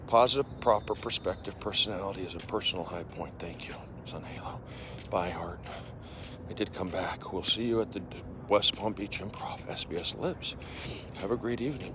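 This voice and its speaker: A man in his forties, a comedian livestreaming from his phone while walking outdoors. He speaks in casual chat, reads viewer comments aloud, and coughs and clears an irritated throat. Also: fairly low pitch, noisy background. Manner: animated, jumping from loud bursts to mumbled asides.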